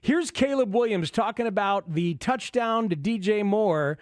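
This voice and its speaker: A man hosting a sports talk radio show, chatting excitedly about football and taking calls. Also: high-pitched, a little slow, dry recording, studio quality.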